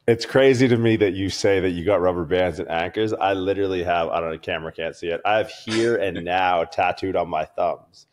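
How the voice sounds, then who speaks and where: A man talking as a podcast guest, telling stories in a rambling, profane and animated way. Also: deep voice, fast talker, slight background noise. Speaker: podcast guest, performance coach. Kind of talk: casual podcast conversation.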